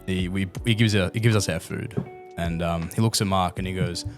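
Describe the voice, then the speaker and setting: An Australian man, a podcast guest, telling relaxed, slangy anecdotes in a casual chat and laughing often. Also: low-pitched, a little fast, faint music behind.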